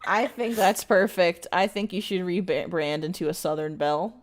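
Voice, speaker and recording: A woman's voice: on the low side, steady tone, normal speed. A woman guest on a stream, chatting casually and teasing the host, laughing often. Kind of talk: casual chat.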